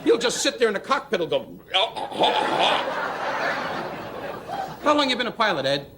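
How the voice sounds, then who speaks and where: A man's voice: sits high, big pitch swings, over a noisy crowd, heavy background noise. Brash older man trading insults. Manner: brash, rapid-fire insults, mock outrage. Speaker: comedian guest. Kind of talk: insult comedy on a talk show. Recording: loud studio audience laughing.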